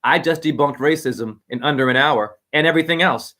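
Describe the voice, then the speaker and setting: A man's voice: a little high, lively intonation, moderate pace, few pauses, pushed and bright. A man giving a rambling, profane, preachy livestream monologue while reading out viewer comments.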